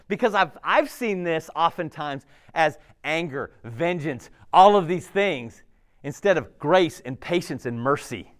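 Animated preacher man. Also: on the high side, moderate pace. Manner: animated, conversational preaching with laughs and asides. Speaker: pastor. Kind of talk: sermon.

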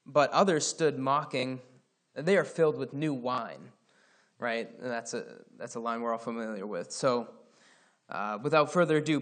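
A man's voice: medium pitch, fairly bright tone. A man from Scotland giving a casual Bible teaching, talking conversationally and reading scripture passages aloud.

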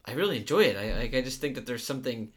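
A man's voice: medium pitch, lively intonation, racing, a bit bright. A man in casual film chat who muses agreeably, often asking "you know what I mean".

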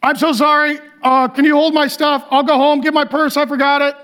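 Man voicing a tearful woman at the end of her rope, high and wailing. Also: level tone, a little fast. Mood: apologetic. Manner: wailing, high-pitched, sobbing shouts. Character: distraught woman shopper, overwhelmed and tearful.

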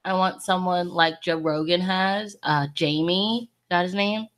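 A woman's voice: on the low side, fairly even intonation, fairly bright tone, slight background noise. Woman on a reptile podcast, teasing, asks lots of questions. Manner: teasing, laughs often, quick questions. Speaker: podcast co-host. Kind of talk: casual chat.

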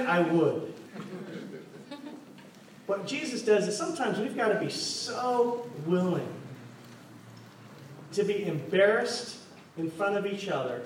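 High-voiced preacher in an echoey hall. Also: male voice, animated, unhurried, pauses often. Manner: playful, jokes and asks the congregation questions. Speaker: pastor. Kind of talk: sermon. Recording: echoey hall from far off, faint noise.

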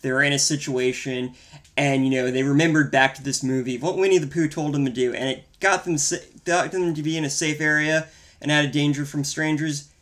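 A man's voice: fairly high pitch, fairly even intonation, fairly quick, fairly bright tone. A man co-hosting a casual film-review podcast, talking in a wry, rambling, profane way. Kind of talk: casual chat.

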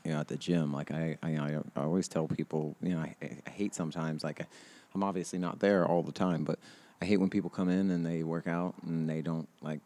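Man, 30s, very low voice, loose rambling podcast host full of filler words. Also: fairly even intonation, brisk, mellow. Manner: rambling, heavy on fillers and restarts, laughs often. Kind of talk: casual chat. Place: outdoors.

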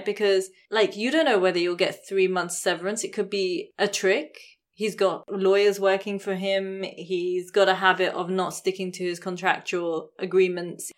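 A woman hosting a podcast, telling a story in a casual chatty way with frequent laughs and hedges. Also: medium pitch. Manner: chatty, laughs often, many hedges like "sort of". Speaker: podcast host.

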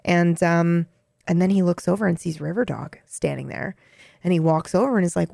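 Woman co-host, casual recap style, heavy vocal fry, dry close mic. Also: lowish voice, moderate pace, no room sound. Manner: relaxed, acts out quotes while summarizing. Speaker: podcast co-host.

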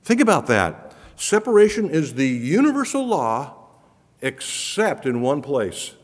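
Earnest preacher in a reverberant hall. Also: male voice, on the high side, very animated, measured pace, breathy edge. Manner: earnest, emphatic, rising for repeated promises. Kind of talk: sermon.

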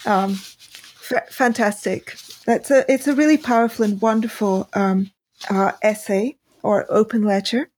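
Hesitant woman host, slightly husky. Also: mid-range voice, measured pace, darkish tone. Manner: hesitant, many ums and restarts. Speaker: podcast host; freelance translator. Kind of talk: casual interview chat.

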